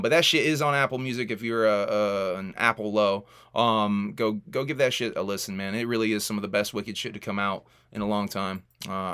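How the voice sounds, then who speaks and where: A man's voice: fairly low pitch, fairly bright tone, clear, resonant tone. A man hosting a casual livestream, talking loosely with slang and many fillers. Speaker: livestream host.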